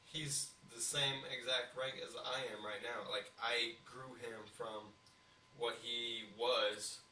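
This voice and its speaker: A man's voice: medium pitch, steady tone, takes it slowly, sharp tone. A young man talking bluntly and profanely in casual podcast chat. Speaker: podcast co-host. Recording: echoey room, mic at a distance, faint hiss.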